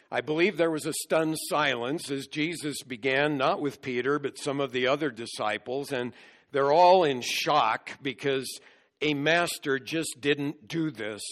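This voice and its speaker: A man's voice: medium pitch, a bit bright. A man preaching a sermon, earnestly explaining scripture verse by verse.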